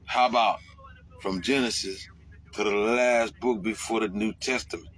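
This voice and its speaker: This trucker talks at a moderate pace in a fairly low voice. His casual rant to camera is full of swearing, animated energy, and abrupt shouting.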